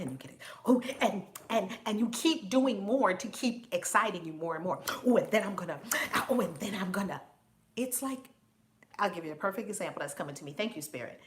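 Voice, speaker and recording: A woman's voice: medium pitch, a little hiss or hum. A woman hosting a live stream as a spiritual teacher, talking casually and with animation, laughing often and calling out viewers by name.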